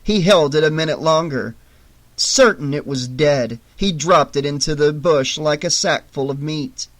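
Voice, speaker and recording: A man narrating a horror novel audiobook in a steady, measured reading. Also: a little high.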